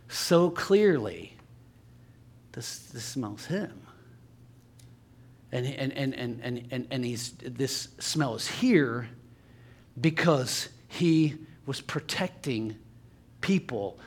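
A man giving a church sermon built around a personal story. He often sinks to a soft, hushed voice when repeating what was said, then picks up speed and force as he preaches. His pitch sits in the middle range for a man.

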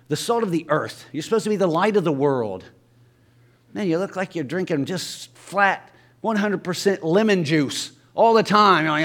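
A man's voice: fairly high pitch, lively intonation, unhurried. A man with a Southern Ohio accent preaching a sermon in a church, talking conversationally, stumbling and restarting, and acting out quoted voices. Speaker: pastor. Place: church sanctuary.

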